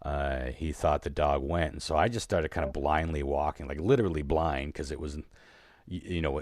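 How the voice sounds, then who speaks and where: A man's voice: low voice, no echo, studio quality. A man co-hosting a podcast, telling a long story in a rambling, profane, casual way and laughing as he goes. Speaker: podcast co-host.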